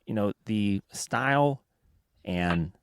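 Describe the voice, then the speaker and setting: A man's voice: lowish voice, lively intonation, takes it slowly, clear, resonant tone, no echo, clean studio sound. Rambling Southern man hosting a podcast. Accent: Southern American. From Alabama, United States. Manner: rambling, self-deprecating storyteller. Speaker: podcast host. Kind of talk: casual podcast chat.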